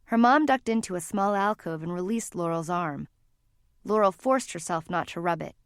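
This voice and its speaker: Calm woman reading an audiobook. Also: fairly low pitch, moderate pace, smooth, no echo, studio quality. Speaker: audiobook narrator. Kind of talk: scripted narration.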